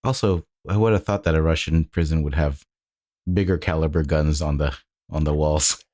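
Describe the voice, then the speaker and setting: A man's voice: rumbling low, fairly even intonation, moderate pace, mellow. A man co-hosting a podcast in easygoing casual chat about a movie, often agreeing briefly and laughing. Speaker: podcast co-host.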